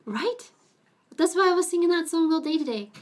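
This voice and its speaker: A woman's voice: lively intonation, brisk. A young adult woman streaming, chatting casually with viewers in a rambling way and laughing often. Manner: switches to a high, cooing voice to talk to her pets.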